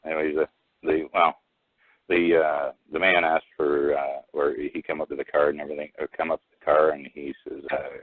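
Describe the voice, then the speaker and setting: A man telling a rambling personal story over the phone, halting with many restarts and fillers. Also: a bass voice, flat delivery, slightly rough, no room sound. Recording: tinny phone line, dry.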